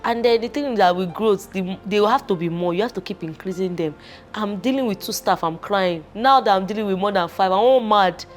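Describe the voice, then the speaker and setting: A young woman with a Nigerian accent, chatting as a guest in a lively, emotional way and slipping in and out of Pidgin. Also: mid-range voice, a little fast, soft background music. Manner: animated, switches into Pidgin, emotional. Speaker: guest, fashion entrepreneur. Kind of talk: casual chat.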